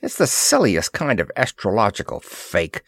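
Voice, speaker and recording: A man voicing a wisecracking, easygoing young male space flyer in an audiobook, with quick, jokey, slangy talk. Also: on the low side, huge pitch swings, fairly bright tone, no echo, clean studio sound, heavily acted. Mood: joking. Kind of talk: audiobook character voice.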